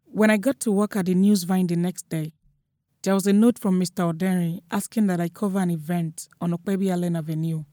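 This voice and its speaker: A young woman with a Nigerian accent telling a first-person story in a steady, matter-of-fact way. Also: on the low side, a little fast, no room sound, clean studio sound. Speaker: narrator.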